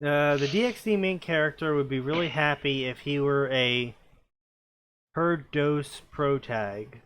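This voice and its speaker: A man's voice: on the high side, measured pace, a bit bright, smooth. A man joking and rambling while commenting on fanfiction with friends. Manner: rambling, joking, puts on goofy voices. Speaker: co-host reading fanfiction. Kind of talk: comedic commentary chat.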